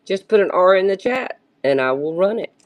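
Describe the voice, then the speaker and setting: A woman selling vintage brooches on a live stream in a casual, halting pitch, often pausing to search for words. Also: lively intonation.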